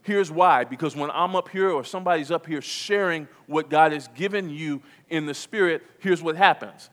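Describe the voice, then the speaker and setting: A man's voice: on the high side, moderate pace, fairly bright tone. A man preaching from the pulpit with a somewhat raised voice. He leans on key phrases, repeats them for weight, and throws questions out to the people in front of him. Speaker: pastor. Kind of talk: sermon. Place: church.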